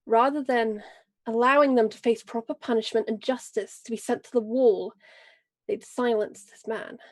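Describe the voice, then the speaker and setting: A proud, vengeful noble lady, as a woman puts her on, grave and forceful, measured in every word. Her voice sits a little high. She speaks in tabletop role-play. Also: fairly even intonation, lightly acted. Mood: grave storytelling. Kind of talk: in-character role-play speech.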